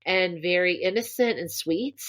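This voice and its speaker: Female co-host, low voice, animated warm storyteller, casual chat. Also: unhurried. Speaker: podcast co-host.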